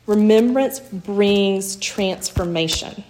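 A woman's voice: mid-range voice, takes it slowly, darkish tone. A woman, giving a sermon and telling stories with little acted quotes, often asking "right?". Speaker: speaker teaching a church talk. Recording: echoey room.

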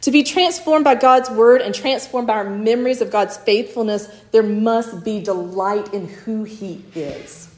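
A woman preaches in an echoey room, her voice sitting a little high. She tells stories and acts out quotes, often checking in with "right?". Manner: storytelling with acted quotes and frequent "right?". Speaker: speaker teaching a church talk. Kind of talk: sermon.

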